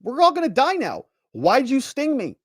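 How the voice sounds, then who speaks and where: Guy doing a squeaky freaked-out frog, super high, dry close sound. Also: wildly swooping pitch, normal speed, dry recording, full character voice. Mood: panicked. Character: panicked frog in a fable, shrill and indignant.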